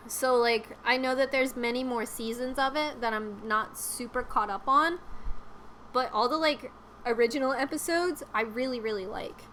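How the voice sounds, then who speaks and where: A woman's voice: on the high side, moderate pace, sharp tone, a little hiss or hum. A young woman chatting casually on a live stream, rambling with lots of fillers and giggles.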